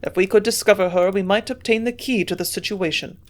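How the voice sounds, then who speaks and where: A woman voicing a gruff old male German scientist with a strong German accent, grunting out his lines louder than her narration. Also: medium pitch, fairly quick, natural voice. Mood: insistent.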